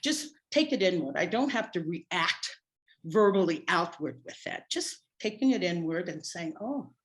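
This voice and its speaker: A middle-aged woman, a spiritual practitioner, telling a personal story to her congregation in an animated, wry way. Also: lowish voice, normal speed.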